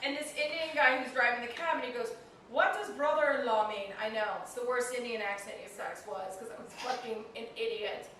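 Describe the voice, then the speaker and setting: A woman in her thirties, a comedian, telling a story in a casual interview, animated and self-mocking, often laughing as she talks. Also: fairly high pitch, fairly quick, few pauses, slight background noise. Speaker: comedian guest. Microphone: handheld flip video camera. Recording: echoey room from a distant camera mic.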